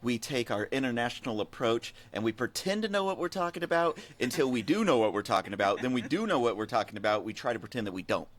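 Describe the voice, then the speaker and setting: A man's voice: medium pitch, expressive. Rambling, jokey male podcast host. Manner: rambling, jokey, quick asides. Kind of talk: casual podcast chat. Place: desert region.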